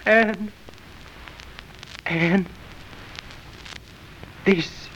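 An actor playing a nervous, heartbroken young stage actor in an old-time radio drama. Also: male voice, sits high, fairly even intonation, extremely slow, fairly bright tone, a little hiss or hum, heavily acted, rough recording. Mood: despairing. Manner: nervous and distraught. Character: young male actor, high-strung, heartbroken. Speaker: young actor in a theatre troupe.

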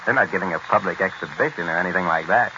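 A man narrating in a brisk, explanatory way, in a 1940s radio documentary. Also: sits low, noisy background. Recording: dull lo-fi 1940s radio recording.

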